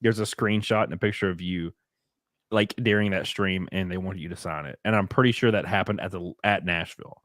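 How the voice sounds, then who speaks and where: A man's voice: sits low, brisk, a bit bright, dry recording, studio quality. A man hosting a casual livestream chat, crude and joking, reading viewer comments aloud. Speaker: stream host.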